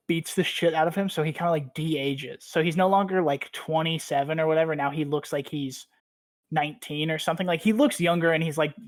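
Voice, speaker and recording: A man's voice: a little high, no room sound. A man hosting a podcast, casually recapping a story in a rambling, profane way, full of "like". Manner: rambling, profane, heavy use of "like". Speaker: podcast host.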